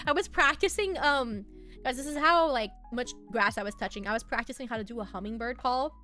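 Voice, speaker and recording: A woman's voice: sits high, brisk, sharp tone. A young woman streaming, chatting casually and giggling as she reads and answers her chat. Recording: faint music behind.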